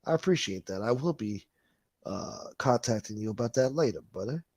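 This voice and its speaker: Animated and slightly mellow, his mid-range voice moves at a moderate pace with no echo. He's a livestream host reading out chat, rambling casually, swearing plenty and laughing.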